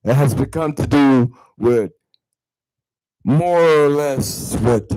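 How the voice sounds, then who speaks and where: A man hosting his own show, ranting heatedly to viewers about religion and spirituality, swearing a lot and repeating words, swinging from low mutters to loud outbursts. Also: slow pace, pauses often, no echo, low-quality recording. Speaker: online show host. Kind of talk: profane spiritual rant to viewers.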